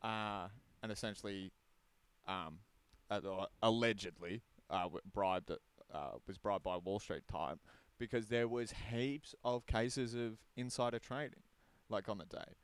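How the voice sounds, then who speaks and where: A man chats loosely on a podcast, trailing off and restarting with plenty of fillers. His voice sits low and sounds smooth, recorded dry and close. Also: unhurried, dry recording. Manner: rambling, lots of fillers. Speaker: podcast co-host. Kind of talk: casual podcast chat.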